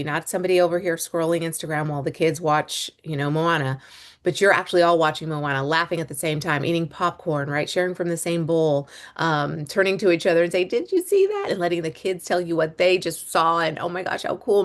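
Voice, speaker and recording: Give me a low-pitched woman in her thirties hosting a casual coaching talk, conversational and full of restarts. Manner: conversational, rambling with fillers and restarts. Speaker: podcast host, business coach. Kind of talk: casual monologue.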